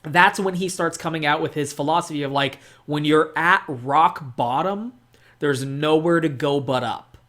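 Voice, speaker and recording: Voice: mid-range voice, moderate pace, fairly bright tone. A gaming video host rambling through a casual, unscripted monologue about a game, swearing freely and restarting sentences, with "like" throughout.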